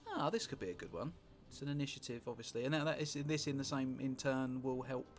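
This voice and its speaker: A British man casually commentating on a strategy game he is playing, rambling and wry, with sweary asides and thinking out loud. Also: medium pitch, lively intonation, fast talker. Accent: British English. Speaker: gameplay commentator. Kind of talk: casual let's-play commentary. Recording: music playing underneath.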